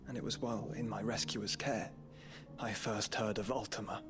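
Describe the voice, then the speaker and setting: A man's voice: lowish voice, steady tone, normal speed, lightly acted. An actor playing an earnest young nobleman who speaks in formal, old-fashioned phrasing in video game dialogue. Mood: grave. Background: game music.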